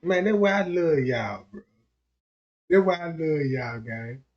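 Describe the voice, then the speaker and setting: High-voiced dude ranting on his stream, cussing and rambling, kinda muffled lo-fi audio. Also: expressive, measured pace. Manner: profane, rambling storytelling. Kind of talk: comedic livestream rant.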